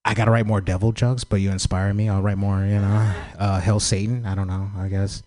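A male comedian with a low-pitched voice asks an open mic crowd for feedback. He stammers and trails off, pleading for anyone to speak up. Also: little pitch movement, darkish tone. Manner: halting, stammering, pleading with the audience. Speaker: stand-up comedian. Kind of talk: crowd work after a stand-up set.

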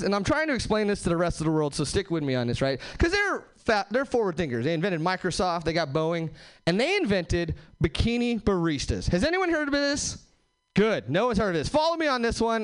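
A male stand-up comedian from Southern California works a club stage with a high-pitched voice. His delivery is punchy and animated, with wide, lively swings in pitch. He speaks into a handheld stage mic. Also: clean tone.

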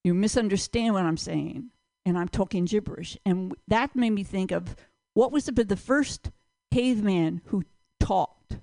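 A woman's voice: medium pitch, moderate pace, vocal fry, mellow, dry recording. A woman doing a rambling, self-deprecating stand-up set at an open mic. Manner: rambling, self-deprecating, sings a joke song. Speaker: stand-up comedian.

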